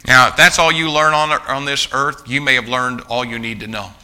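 A male pastor delivers a sermon to a congregation in a church, with a very bright, tense and cutting tone. He is emphatic and insistent, repeats himself as he restarts phrases, and keeps addressing the room directly. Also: mid-range voice, fairly even intonation, moderate pace, clean tone. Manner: emphatic preaching, often restarting phrases and calling out to the congregation as folks.

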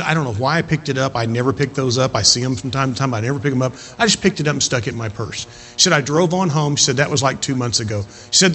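A man preaching a sermon, telling stories with emphatic, rising exhortations and quieter narrated stretches. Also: mid-range voice, slight background noise.

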